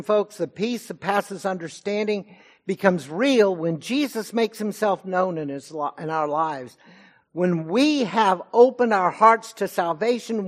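Man preaching a sermon, kinda high voice, takes it slow, builds up then goes quiet. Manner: preaching with rising and falling intensity. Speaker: pastor.

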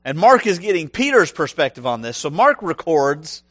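A man preaching a sermon, animated and humorous, acting out voices from the stories he tells. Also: a little high, normal speed, no room sound, studio quality. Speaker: pastor.

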